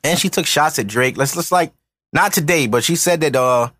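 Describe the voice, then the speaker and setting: A man's voice: on the high side, moderate pace, fairly bright tone, no echo. A man hosting a podcast, ranting in heated commentary with profanity and repeated points. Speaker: podcast host.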